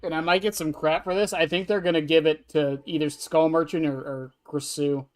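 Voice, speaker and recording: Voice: medium pitch, steady tone, normal speed. Offhand streamer rambling to chat. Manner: rambling, offhand, answers chat questions, swears. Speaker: game streamer chatting with viewers. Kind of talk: casual chat. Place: at a desk indoors.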